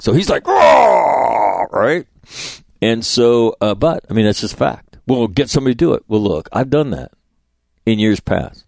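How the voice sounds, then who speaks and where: A middle-aged man with a fairly low voice delivers a blunt, profane monologue as a podcast host. He talks emphatically and acts out the conversations in his stories. The sound is dry and close. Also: darkish tone, no echo. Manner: profane, emphatic, tells stories acting out dialogue.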